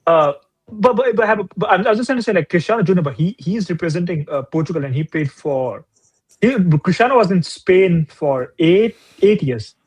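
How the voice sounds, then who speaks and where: A man with a high, husky voice joins a casual football chat as a co-host. He talks eagerly and hedges a lot while making his points, and his pitch swings widely. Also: expressive, low-quality recording. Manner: eager, fast back-and-forth, hedging with "like".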